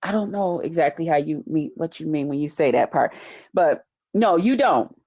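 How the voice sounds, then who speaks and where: A woman's voice: deep voice, expressive, normal speed, a little mellow. A woman hosting a casual live stream, talking loosely and profanely to her viewers and greeting them by name. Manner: laughs often while greeting viewers. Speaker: livestream host reading her chat. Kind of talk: casual unscripted live chat.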